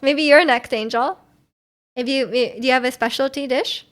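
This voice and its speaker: A woman's voice: high-pitched, steady tone, moderate pace. A young adult woman hosting a livestream, chatting casually and reading out viewer messages, giggling often between filler words. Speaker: livestream host.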